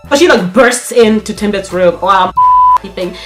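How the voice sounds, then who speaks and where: A woman telling a storytime vlog, blunt, profane and animated. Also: mid-range voice, normal speed, over loud music. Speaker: vlogger.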